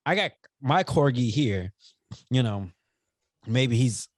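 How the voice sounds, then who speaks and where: A man co-hosting a podcast, talking about a movie in a casual chat, playful and animated. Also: mid-range voice, slow, no echo, clean studio sound. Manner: animated, playful, acts out silly voices. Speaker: podcast co-host.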